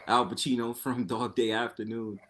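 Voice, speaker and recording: A man's voice: medium pitch, unhurried, a little hiss or hum. A man on an online talk panel chatting casually and joking, using slang and acting out his own reactions. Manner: expressive and joking, slangy, quotes himself in reaction voices. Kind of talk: casual chat.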